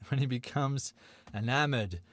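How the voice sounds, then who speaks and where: A man's voice: medium pitch, slow pace, a bit bright. A man hosting a casual podcast, playfully reading out movie quiz clues and synopses to his friends.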